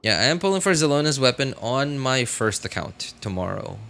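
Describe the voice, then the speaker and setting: A man's voice: mid-range voice, big pitch swings, fairly quick, vocal fry, fairly bright tone, faint music behind. A man streaming a game, chatting casually and rambling, with many fillers, restarts and self-corrections. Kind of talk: casual live-stream chat.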